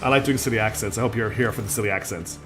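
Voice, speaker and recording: A man's voice: on the low side, very fast, music in the background. A man streaming a game, chatting casually in a rambling, self-deprecating way. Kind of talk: casual gaming commentary.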